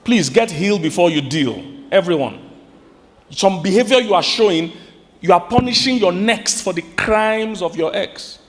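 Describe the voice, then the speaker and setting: Nigerian male pastor, high voice, lively live sermon, long hall echo. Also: moderate pace. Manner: animated preaching with sudden high-pitched outbursts; asks the congregation questions.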